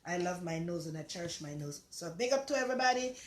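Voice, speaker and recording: A woman's voice: on the low side, expressive, fast talker. An older woman with a Jamaican accent, hosting a casual home cooking vlog in a chatty, rambling, affectionate way. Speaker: cooking show host. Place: home kitchen. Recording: echoey kitchen.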